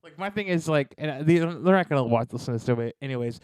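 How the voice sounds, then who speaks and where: A man's voice: on the high side, lively intonation, fast talker, darkish tone, clean tone, no echo. A man co-hosting a podcast in casual, joking chat that rambles a little. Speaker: podcast co-host.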